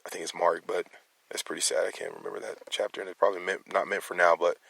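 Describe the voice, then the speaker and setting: A man's voice: low-pitched, little pitch movement, quick pace, creaky, fairly bright tone, slightly rough, dry recording. Brief: man in a raw, rambling monologue, stumbling over words, challenging listeners, dry voice. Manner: rambling, stammering restarts. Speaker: concerned citizen. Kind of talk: emotional personal monologue.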